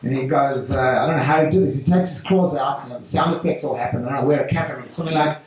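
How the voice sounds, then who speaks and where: A man doing a stand-up set on a club stage, talking haltingly with lots of fillers. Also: medium pitch. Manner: halting delivery with many fillers. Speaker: stand-up comedian. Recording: echoey club from a distant mic.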